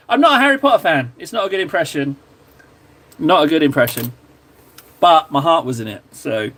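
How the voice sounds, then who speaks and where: A fairly high, bright-toned voice with lively intonation comes quickly but broken by long pauses. The man is painting miniatures live on stream, chatting in a self-deprecating, rambling way that often strays off topic.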